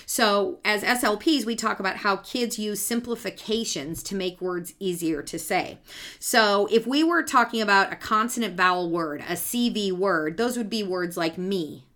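A woman co-hosting a relaxed podcast, walking her listener through technical ideas. She is patient and teacherly and keeps it playful. Her voice sits at an ordinary middle pitch for a woman. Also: normal speed. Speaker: podcast co-host and speech-language pathologist. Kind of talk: casual explanatory chat.

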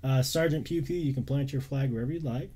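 A man's voice: mid-range voice, fast talker, mellow. A man hosting a podcast, chatting casually and joking loosely with plenty of fillers. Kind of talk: casual chat reacting to images.

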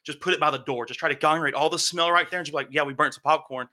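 Bright-voiced young man telling a story. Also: fairly high pitch, racing. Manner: animated, swearing, acts out quotes. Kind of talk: casual storytelling.

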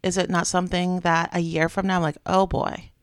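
A woman's voice: fairly low pitch, little pitch movement, fairly quick, smooth, dry recording, studio quality. A woman in her thirties co-hosting a casual podcast, telling stories in a chatty way and laughing often, with her morning voice. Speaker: podcast co-host. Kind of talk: casual chat.

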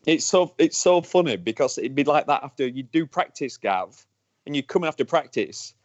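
A man from England, a motorcycle racer, telling stories in a lively, casual chat. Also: fairly high pitch, normal speed, no echo. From northern England. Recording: dull lo-fi dry sound.

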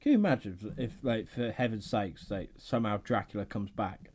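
Animated man laughing through podcast chat. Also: lowish voice, a little fast. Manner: laughs often, swears freely. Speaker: podcast co-host. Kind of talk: casual chat.

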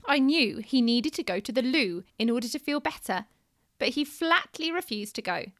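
Bright-voiced woman reading aloud. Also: fairly high pitch, normal speed, no echo, studio quality. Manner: expressive storytelling, often laughing. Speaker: podcast co-host reading a listener's letter. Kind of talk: reading a letter aloud with chat.

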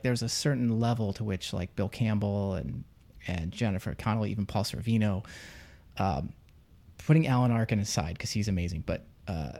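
A man chatting about a movie in a gravelly voice with plenty of fry. He rambles and searches for words, circling back as he builds his point. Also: medium pitch, a little mellow. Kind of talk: casual film discussion.

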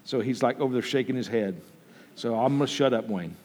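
A man's voice: medium pitch, fairly quick, a little mellow. A man preaching an informal sermon, conversational, with frequent restarts and asides to the congregation. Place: church sanctuary. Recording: long reverb from a church hall.

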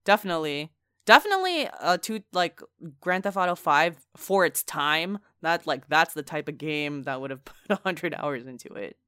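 A woman co-hosting a casual video game chat, talking quickly with lots of fillers and dry sarcasm. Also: low voice, animated, fairly bright tone, smooth, dry recording. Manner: chatty, filler-heavy, sarcastic. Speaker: video game podcast co-host.

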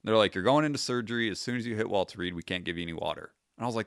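A man in his thirties tells his story as a podcast guest, casual and wry, swearing freely and slipping into his own past remarks. His voice sits a little low, and the sound is dry and close to the mic. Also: racing, hardly any pauses, fairly bright tone, dry recording. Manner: profane, wry, re-enacts his own quotes. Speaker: podcast guest, retired Army sergeant.

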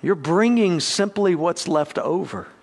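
A man preaching a sermon as the congregation's pastor, his voice sitting high for a man. He takes his time, with slow, deliberate phrasing. When he quotes others, he acts them out and his voice climbs even higher.

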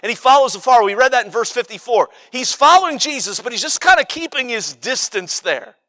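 A man's voice: very high voice, lively intonation, brisk, sharp tone. A man preaching a sermon in a conversational, emphatic way, often repeating and restarting his words.

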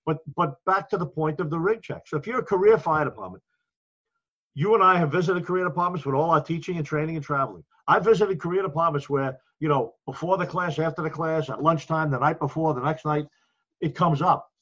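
A man's voice: fairly high pitch, fairly bright tone, lo-fi sound. A man in his sixties, a veteran volunteer firefighter, explaining things in casual chat, often restarting his words. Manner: fast, explanatory, repeats words when starting.

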